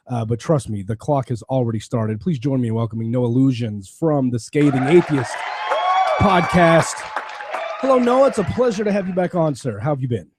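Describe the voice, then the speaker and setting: A man hosting a podcast during a live charity broadcast, upbeat and quick to laugh. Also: medium pitch, darkish tone, no room sound, clean studio sound. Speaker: podcast host.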